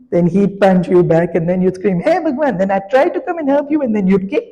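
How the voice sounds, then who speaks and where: A woman's voice: medium pitch, animated, moderate pace, warm tone, muffled recording, close to an everyday voice. A woman voicing a patient, wryly amused god who explains why he stepped back. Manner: patient, wry.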